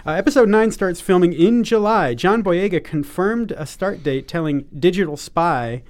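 Podcast co-host, male, joking upbeat delivery, somewhat higher voice. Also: moderate pace, a little mellow. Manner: upbeat, joking, frequent fillers. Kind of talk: casual chat.

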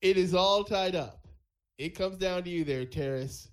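A man's voice: sits high, measured pace. A man hosting a casual podcast, announcing matchups and calling on each panelist. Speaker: podcast host running a movie bracket. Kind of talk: casual chat.

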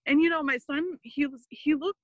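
A woman's voice: high voice, moderate pace, no room sound, muffled recording. A woman in her thirties, a podcast guest, telling family stories in casual, filler-heavy chat. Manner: chatty, many fillers, animated quoting. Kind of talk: casual interview storytelling.

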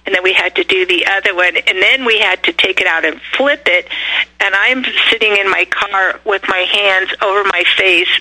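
An older woman, a radio guest, telling a story in a casual, animated way and acting out the lines of the people in it. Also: medium pitch, moderate pace, low-quality recording. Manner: animated, acts out quoted dialogue.

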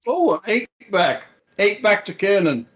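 A man's voice: high voice, sing-song, unhurried. A man running a tabletop game as game master, narrating in a laid-back, joking way. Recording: dull lo-fi audio.

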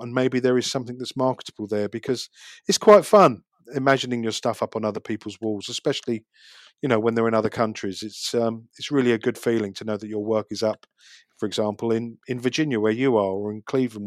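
A street photographer, guesting on a podcast, chats casually about street photography and city life. His medium-pitched voice is fast, in clean studio sound with no room sound, and he restarts frequently.

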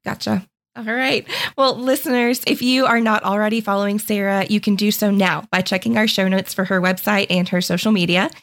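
A woman hosting a casual podcast interview, upbeat and quick to laugh. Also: mid-range voice, steady tone, fairly bright tone. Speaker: podcast host.

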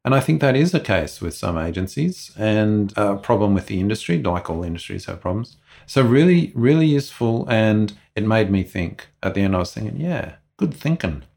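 Man, podcast co-host, fairly low voice, casual, frank and opinionated. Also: normal speed, creaky. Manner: relaxed, opinionated, talks things through.

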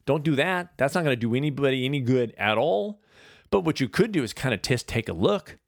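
A man hosting his own podcast, talking casually and rambling through animated asides. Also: mid-range voice, brisk, creaky, dry recording, clean studio sound. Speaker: podcast host. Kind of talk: casual solo podcast monologue.

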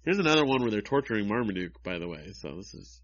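A man's voice: on the low side, big pitch swings, quick pace. A man co-hosting a casual chat, reading comic strips aloud in a wry, mocking way. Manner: wry, mocking, reads dialogue in raised voices. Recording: dull lo-fi sound.

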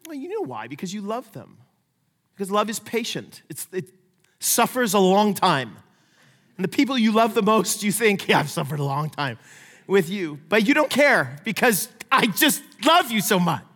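A middle-aged male pastor with a high voice preaches in a lively, conversational way, slipping into playful voices for the people he quotes. His words ring out with the long reverb of a large church sanctuary. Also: moderate pace. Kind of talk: sermon.

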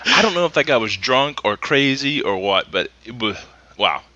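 A man's voice: medium pitch, lively intonation, moderate pace, sharp tone, dry recording, highs cut off. A man co-hosting a podcast, rambling through stories in casual chat with many fillers. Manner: rambling storyteller, many fillers and acted quotes. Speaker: podcast co-host.

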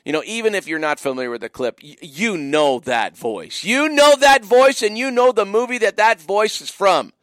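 Lively radio host, dry studio sound. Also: male voice, fairly high pitch, normal speed, few pauses, dry recording. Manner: animated, teasing, repeats phone numbers. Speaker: radio host running a movie trivia call-in. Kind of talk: casual radio call-in chat.

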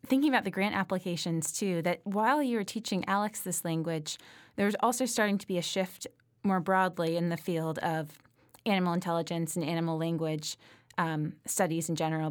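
A woman hosting an interview, asking long, winding questions with many fillers. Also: fairly low pitch. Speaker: interviewer host. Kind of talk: conversational interview.

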